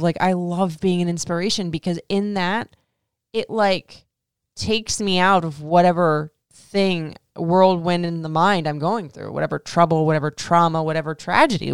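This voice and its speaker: Woman in her thirties, host of a casual Q&A podcast. Low, smooth voice, candid and emotional, swears freely. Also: no room sound, clean studio sound. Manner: frank, profane, heavy use of "like". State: emotional, near tears. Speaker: podcast host answering listener questions.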